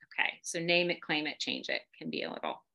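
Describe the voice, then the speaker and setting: A woman guest in a casual conversation, talking in an animated way with quick asides and laughter. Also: sits low, vocal fry, muffled recording.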